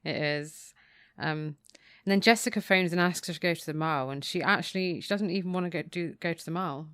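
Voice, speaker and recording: A woman's voice: lowish voice, a little fast, a bit bright, clean tone, dry recording. A woman co-hosting a book podcast, recapping the plot and reading passages aloud with dry, mock-dramatic relish. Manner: reads quotes with dry, mock-dramatic relish, laughs often. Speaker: podcast co-host.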